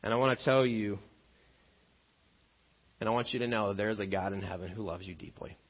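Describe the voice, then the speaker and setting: A man preaching a sermon as pastor, an animated storyteller who acts out scenes and jokes along the way. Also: on the low side, a little fast, breathy edge, big-room sound. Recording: dull lo-fi sermon recording.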